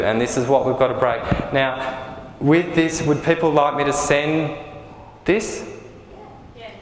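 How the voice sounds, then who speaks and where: A man giving a spiritual workshop talk to a small group, speaking gently and often checking whether his listeners follow. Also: mid-range voice, unhurried, reverberant, long reverb tail, rough recording. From Australia. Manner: gentle, often asks the audience if it makes sense. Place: room with a live group.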